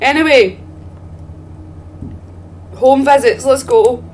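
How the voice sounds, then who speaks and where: A woman's voice: high-pitched, takes it slowly, darkish tone, slight background noise. A woman doing chatty, giggly, self-mocking commentary while streaming a game. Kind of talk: playful let's-play commentary.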